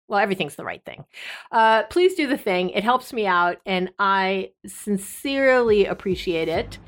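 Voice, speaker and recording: A woman's voice: medium pitch, lively intonation, normal speed, a bit bright. A middle-aged woman hosting a relationships podcast, talking in an effusive, chatty way with lots of fillers. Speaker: podcast host, therapist. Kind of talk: casual podcast monologue.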